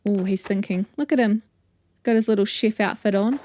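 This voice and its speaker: A woman's voice: medium pitch, normal speed. A woman with a New Zealand accent giving chatty, playful commentary while playing a video game. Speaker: let's play host. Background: game music.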